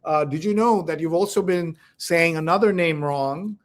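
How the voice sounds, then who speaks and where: A man's voice: fairly high pitch, moderate pace. A middle-aged man hosting a casual news discussion, chatty and storytelling, often laughing. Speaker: host.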